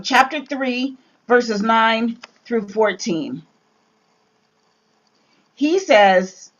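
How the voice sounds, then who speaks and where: A woman leading a casual Bible study, reading scripture aloud and riffing on it in an animated way, with sudden exclamations. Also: high-pitched, rough recording.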